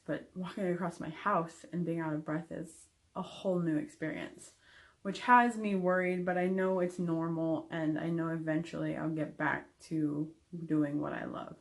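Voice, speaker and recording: Slow-talking candid woman vlogger. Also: low-pitched, fairly even intonation, vocal fry. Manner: candid, frank, with frequent ums. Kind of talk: casual recovery update to camera.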